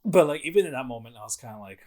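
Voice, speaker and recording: A man's voice: medium pitch, very fast. A man co-hosting a casual podcast, recapping a game's plot in an easygoing way with frequent fillers. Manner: relaxed recapping with fillers and laughs. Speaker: podcast co-host. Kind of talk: casual chat.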